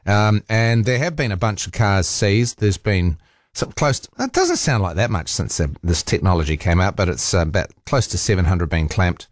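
His voice sits low, with lively intonation and a moderate pace, in a dry recording. He's a New Zealand-accented man hosting a talk radio show from a studio mic, chatting in a rambling monologue with many fillers and restarts.

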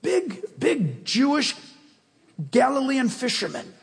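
A high-voiced man preaching with a husky edge, pressing his points and questioning the listeners directly. His words ring out in the long reverb of a big hall. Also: big pitch swings, takes it slowly. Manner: emphatic, questioning the congregation directly. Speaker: pastor. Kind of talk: preaching a sermon.

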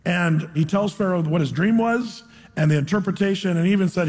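Male pastor, dramatic casual storyteller, husky, long hall echo. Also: high-pitched, brisk, a little mellow. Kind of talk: sermon, retelling a scripture story. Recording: echoey hall.

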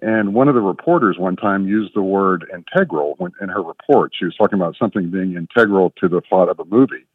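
A man's voice: low-pitched, fast talker, few pauses, no echo. A man in his fifties from Florida calling in with a question, telling his story in a rambling, self-correcting way. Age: 50s. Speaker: caller. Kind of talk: phone-in question. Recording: tinny phone line, distant.

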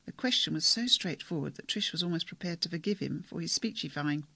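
Male audiobook narrator, measured and wry, gravelly and husky. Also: fairly high pitch, lively intonation, pushed and bright, no room sound. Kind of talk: scripted narration.

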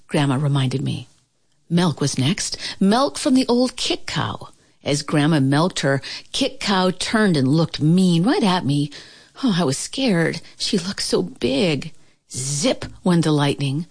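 A woman reading a children's picture book aloud with expressive, lilting storytelling. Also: deep voice, measured pace, breathy edge, no room sound. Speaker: storybook reader.

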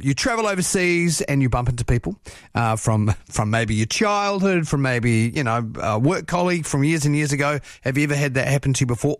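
Kiwi radio guy, chatty links, a bit high voice, dry sound. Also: no room sound. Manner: casual, chatty. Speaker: radio host.

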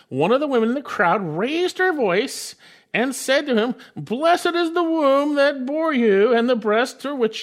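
A man preaching a sermon, reading scripture and stressing key phrases with emphasis. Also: fairly high pitch. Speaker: pastor.

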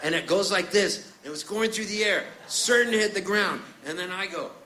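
A man's voice: high-pitched, fairly quick, noisy background. Chatty man telling jokey stage stories. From Canada. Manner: chatty, jokey, acts out voices in his stories. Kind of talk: storytelling stage banter.

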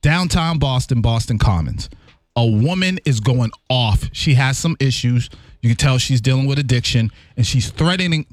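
A man's voice: mid-range voice, dry recording, clean studio sound. A man co-hosting a radio show, earnestly telling personal stories in casual chat. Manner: animated storyteller, earnest. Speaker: radio co-host.

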